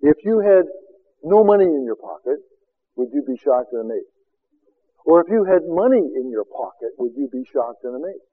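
A man preaching a sermon as a seminar teacher, firing rhetorical questions and swinging from loud exclamations to quiet asides. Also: fairly high pitch, sing-song, moderate pace, breathy edge, phone-quality sound.

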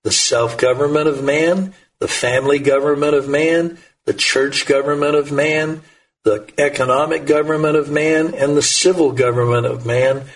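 A middle-aged man preaching a sermon, slow and emphatic, his voice rising when he quotes scripture. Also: on the high side, fairly even intonation, recorded from a distance, rough recording.

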